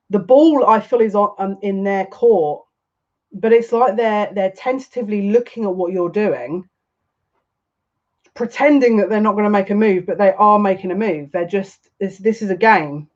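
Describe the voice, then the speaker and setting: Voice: mid-range voice, moderate pace, a little mellow, highs cut off. A psychic tarot reader giving a live reading, chatty and rambling, who laughs often and repeats phrases.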